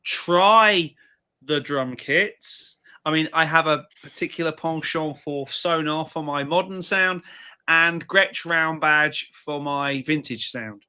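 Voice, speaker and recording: Male co-host, slightly high and bright, blunt storyteller in casual chat. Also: slow, smooth.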